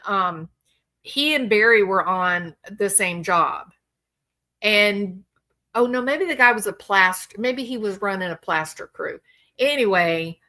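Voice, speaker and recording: A woman talks through a true crime case in a relaxed, rambling way. Her delivery is slow and unhurried, and her voice has a bright, forward edge. She stops to correct herself often as she goes. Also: mid-range voice. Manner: chatty, rambling, self-correcting. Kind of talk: casual commentary.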